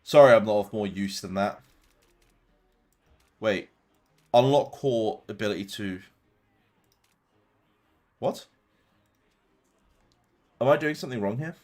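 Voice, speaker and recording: A man's voice: lowish voice, takes it slowly, pauses often, darkish tone. A young man chatting casually on a live stream from his room at home, answering viewers' questions with frequent restarts. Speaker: game streamer.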